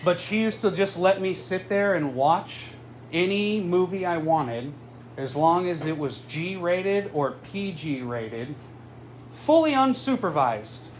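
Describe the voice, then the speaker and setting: High-voiced male stand-up comedian. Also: takes it slowly. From Southern California. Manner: deadpan, self-mocking delivery. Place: live comedy venue with audience. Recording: noisy live room ambience. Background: audience laughter.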